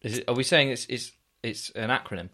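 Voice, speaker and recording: A man's voice: medium pitch, brisk, sharp tone. A man co-hosting a comedy podcast, dry and bemused, playing the skeptic. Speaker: podcast co-host.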